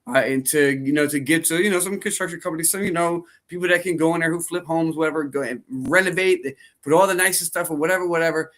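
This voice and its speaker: A man's voice: a little high, fast, few pauses, fairly bright tone. A man co-hosting a podcast, rambling casually with lots of fillers and restarts. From New Jersey. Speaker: podcast co-host. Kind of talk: casual chat.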